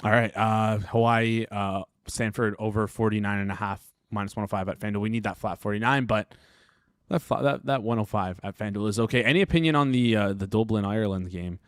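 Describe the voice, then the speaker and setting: Host: Canadian man, low voice, dry sound, chatty and prodding. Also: smooth, no echo. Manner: quick, repeats himself, prompting questions. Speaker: sports betting show host. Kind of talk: casual sports betting chat.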